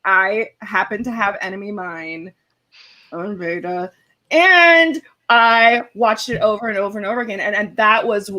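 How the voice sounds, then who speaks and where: A woman comedian talking casually on a panel. She rambles and hesitates, with plenty of fillers, but she sounds sincere. Her pitch is right in the middle of the female range. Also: measured pace, bright, forceful tone, muffled recording.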